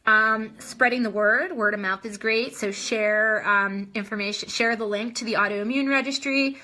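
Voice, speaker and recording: A woman's voice: fairly high pitch, steady tone, moderate pace, sharp tone. A young adult woman hosting a casual live video chat, answering viewer comments in a chatty way full of ums and restarts, a little short of breath.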